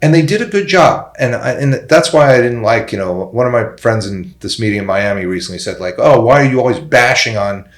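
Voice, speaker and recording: A man's voice: fairly low pitch, a little fast, hardly any pauses. A middle-aged man, a plastic surgeon guest, talking bluntly and with feeling in a casual podcast conversation. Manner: blunt, animated, opinionated.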